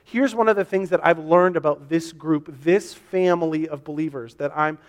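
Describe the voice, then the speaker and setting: A man preaching in a church speaks at a moderate pace in a slightly high voice. Filmed for online viewers, he's earnest and repetitive, asking the questions his listeners might ask, and the sound echoes with long hall reverb.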